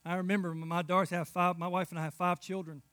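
Bright, high-voiced animated male preacher. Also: fast, no echo, studio quality. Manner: animated storytelling with big swings from hushed to loud. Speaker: pastor. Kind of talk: sermon.

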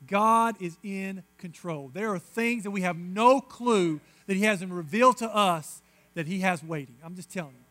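A man preaching as a pastor, emphatic and insistent, moving between loud declarations and hushed asides. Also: high-pitched. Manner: repetitive, insistent phrasing. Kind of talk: sermon.

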